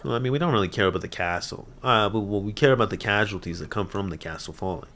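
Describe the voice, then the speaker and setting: A man giving casual, animated reaction commentary on an anime episode, moving from mumbled asides to loud outbursts and frequent laughter. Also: on the low side, quick pace, a little hiss or hum.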